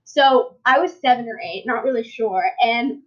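Young woman, high voice, rambling casual podcast host with a dull lo-fi sound. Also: moderate pace. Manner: rambling storyteller, many fillers and restarts. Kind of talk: casual chat.

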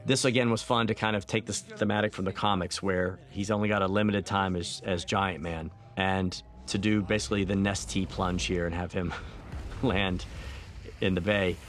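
A man, a film director, talking through his movie in a relaxed, reflective audio commentary, with many fillers and restarts. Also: low voice, moderate pace. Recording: faint film soundtrack music underneath.

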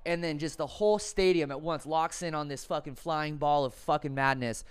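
A man's voice: a little high, steady tone, moderate pace, smooth. A man hosting a podcast, telling a long story in a rambling, profane, jokey way. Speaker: podcast host. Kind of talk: casual storytelling monologue.

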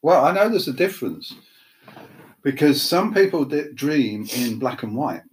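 A middle-aged woman co-hosting a casual chat podcast, playful and quick to laugh. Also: low-pitched, a little hiss or hum, poor audio. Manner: giggly, playful, lively. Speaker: podcast co-host.

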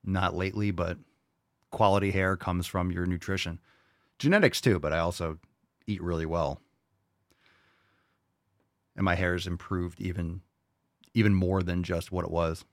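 A man's voice: sits low, fairly even intonation, moderate pace, pauses often, no room sound, studio quality. A man hosting a podcast and answering listener questions in casual chat, blunt and profane, mocking with disbelief. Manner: blunt, profane, mock-incredulous.

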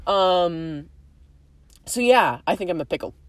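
Lively goofy young woman, casual podcast chat. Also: lowish voice, slow pace, no room sound. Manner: goofy, jokey, lots of fillers and pop-culture references. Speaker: podcast co-host. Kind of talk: casual chat between friends.

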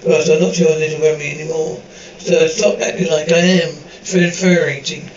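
High-voiced man acting horror drama. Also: flat delivery, moderate pace, reverberant, highs cut off. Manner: dramatic, switches between characters' voices. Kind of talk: acted horror audio drama.

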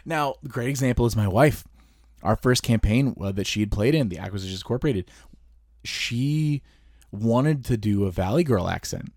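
A man's voice: medium pitch, animated, normal speed, darkish tone, no echo, studio quality. A man co-hosting a tabletop gaming podcast, telling stories casually with frequent laughs. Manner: laughing, storytelling. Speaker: podcast co-host. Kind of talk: casual chat.

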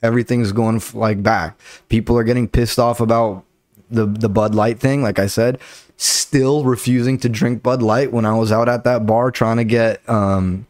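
A man's voice: medium pitch, fairly even intonation, normal speed, a little mellow, no echo. A male comedian and podcast host telling loose, profane stories in a casual ramble.

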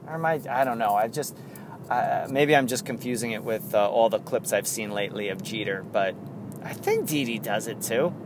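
Excitable rambling male podcast host. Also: medium pitch, normal speed, background noise. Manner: enthusiastic, rambling, chuckles often. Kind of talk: casual solo sports podcast talk.

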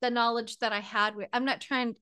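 A middle-aged woman, a podcast guest, telling her personal story in an animated, emotional way, close to tears at times. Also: on the high side, brisk, clear, resonant tone.

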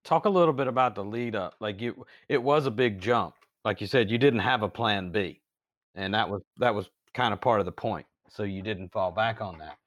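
A male interviewer asking thoughtful, measured questions. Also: fairly low pitch, fairly bright tone, dry recording, clean studio sound.

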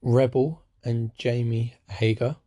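A man's voice: mid-range voice, little pitch movement, takes it slowly, mellow, a little hiss or hum. A man giving a casual spoken recap of a wrestling show, with dry, sarcastic asides.

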